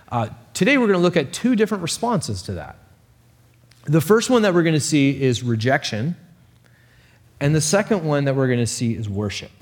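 A man preaching a sermon, telling a story in an animated, conversational way. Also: mid-range voice, big-room sound. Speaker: pastor.

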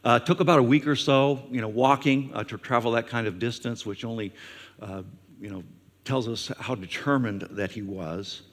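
A male pastor gives a conversational sermon at medium pitch and moderate pace, full of fillers. He acts out questions in a raised voice, and the recording has a long hall reverb.

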